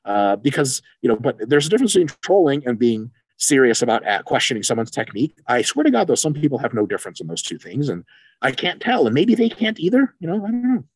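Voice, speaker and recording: A man co-hosting a casual podcast chat, animated and profane, acting out quoted exchanges as he talks. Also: medium pitch, quick pace, slightly rough, no echo. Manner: animated, swears freely, acts out quoted exchanges. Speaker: podcast co-host, coach.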